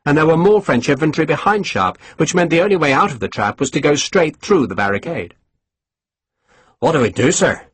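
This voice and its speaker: A man reading an audiobook in a measured, expressive storytelling manner. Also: on the high side, breathy edge, no echo. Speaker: audiobook narrator. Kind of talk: scripted narration.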